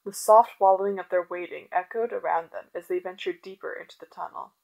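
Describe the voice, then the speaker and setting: A woman reading a novel chapter aloud, telling the story in a steady voice. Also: fairly low pitch, fairly quick, gravelly, hardly any pauses, poor audio. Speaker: reader. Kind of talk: audiobook narration.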